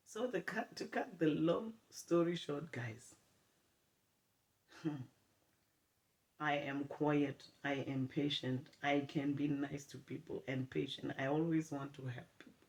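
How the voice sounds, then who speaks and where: A woman telling a personal story to her viewers in an animated storytime vlog, often calling them "guys". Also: low-pitched, slow pace, rough recording. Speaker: vlogger.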